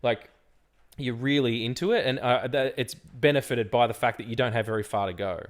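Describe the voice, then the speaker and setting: A man's voice: mid-range voice, steady tone, a little fast. A man in his forties on a podcast, talking about a favorite film in a rambling, enthusiastic way full of restarts. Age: 40s. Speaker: podcast co-host. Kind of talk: casual film chat.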